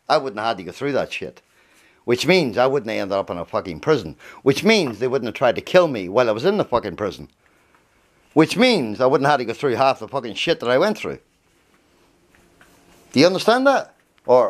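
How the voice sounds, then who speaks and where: Brief: furious New man in a heated confrontation, swearing, pressing accusations, mid-range pitch. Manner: angry, accusing, swearing, repeating questions. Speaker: complainant confronting his advocate.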